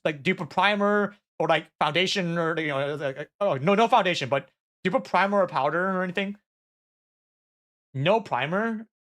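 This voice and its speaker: This voice sits high and belongs to a young Korean-speaking streamer reacting to chat messages in a casual live stream. He's excitable, sweary and apologetic, often breaking into laughter and starting over.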